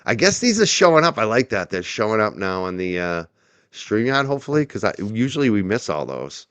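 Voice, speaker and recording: A man's voice: fairly low pitch, sing-song, fairly quick, fairly bright tone, clean tone, no room sound. A man hosting a casual livestream, chatting animatedly with his chat, joking and swearing as he waits for a court feed. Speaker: livestream host.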